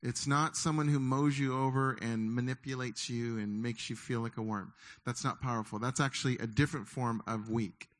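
Middle-aged male pastor, lively conversational sermon, slips into acted inner voices. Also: medium pitch, moderate pace, few pauses. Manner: animated, acts out inner voices of listeners.

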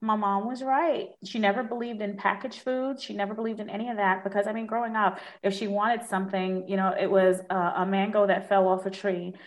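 A New York dermatologist, appearing as an interview guest, tells her story in a lively way and laughs often. Her voice is medium-pitched and brisk, with few pauses.

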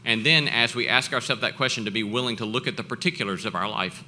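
A man, a professor, giving an earnest, reflective talk with personal storytelling and halting restarts. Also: medium pitch, sharp tone, a little hiss or hum. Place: event breakfast gathering.

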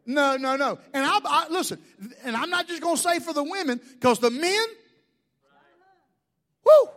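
A man's voice: very high-pitched, a little fast, pushed and bright. A middle-aged man preaching a sermon as pastor, folksy and joking, asking the crowd questions.

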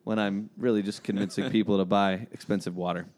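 A man's voice: lowish voice, little pitch movement, fairly quick, darkish tone. A man, a pastor, hosting a podcast chat in a friendly, joking way and laughing along with his guests. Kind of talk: casual podcast conversation.

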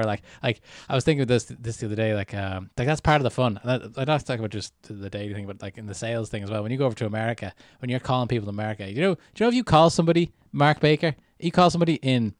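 A young man with an Irish accent, co-hosting a podcast and telling stories in a casual, animated way with frequent laughter. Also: medium pitch, racing, hardly any pauses, no echo, clean studio sound. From Ireland. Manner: animated storytelling, puts on voices in anecdotes, laughs often. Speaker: podcast co-host. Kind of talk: casual chat.

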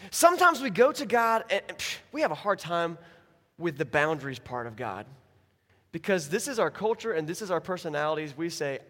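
Male pastor, sermon, high voice, animated storytelling, hall reverb. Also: fairly quick.

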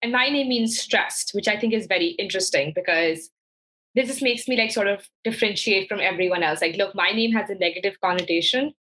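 A young woman in her twenties, a guest telling a story in a casual, animated way, laughing often and acting out the voices of people she quotes. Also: medium pitch, a little fast, rough recording.

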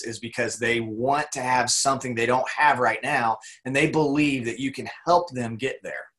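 A man's voice: mid-range voice, fairly bright tone. A man co-hosting a casual faith talk, speaking earnestly and repeating words for emphasis. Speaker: faith discussion co-host.

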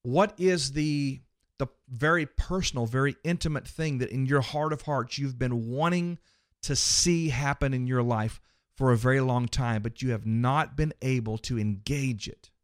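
A man's voice: mid-range voice, normal speed, no room sound, clean studio sound. A man giving a motivational sermon on a podcast, emphatic, repeating phrases for rhythm and addressing the listeners directly. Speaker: podcast host and preacher.

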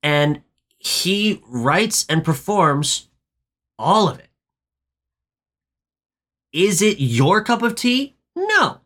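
A man co-hosting a podcast, chatting about a movie with dry quips and quick, stumbling asides. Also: high voice, sing-song, bright, forceful tone. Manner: dry, wry quips, often rushed asides. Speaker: podcast co-host. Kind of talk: casual movie-recap chat.

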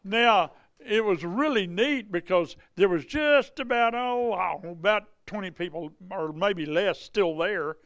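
A revival preacher shares healing testimonies from the pulpit in a folksy, conversational way, often repeating himself and starting over. His voice is high-pitched and animated, a little slow, with a fairly bright tone. The recording is dry and studio quality.

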